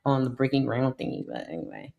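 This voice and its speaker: A woman's voice: a bass voice, huge pitch swings, fast, vocal fry, phone-quality sound. A woman hosting a casual livestream chat, laughing often and sounding a bit sleepy as she wraps up. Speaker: livestream host.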